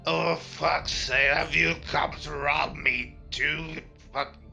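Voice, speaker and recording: Guy doing a drunk cranky old man, cussing, slurring, slow. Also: fairly high pitch, steady tone, creaky, bright, forceful tone, faint music behind, voice pushed up, full character voice. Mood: angry. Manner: slurred, swearing, grumbling.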